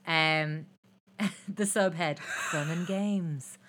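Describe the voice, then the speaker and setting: Woman cohosting a podcast, lowish voice, dry gossipy chat. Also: very slow, fairly bright tone, a little hiss or hum. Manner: wry, gossipy and chatty. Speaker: podcast co-host. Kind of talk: casual chat.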